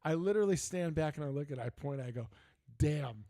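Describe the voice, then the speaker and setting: A man's voice: fairly high pitch, racing, no echo, clean studio sound. Older man spinning casual stories. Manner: storytelling, animated, laughing asides. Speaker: host. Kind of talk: casual chat.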